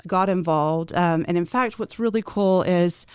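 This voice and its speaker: A woman's voice: lowish voice, measured pace, a little mellow, smooth. A woman guest talking casually about her work, rambling with many fillers. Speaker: guest, arts project manager. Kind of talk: casual chat.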